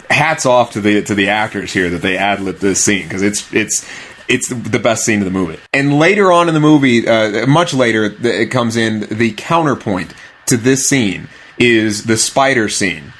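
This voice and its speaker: A man's voice: lowish voice, normal speed, a bit bright. Earnest man explaining with emphasis. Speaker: podcast co-host. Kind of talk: casual film discussion.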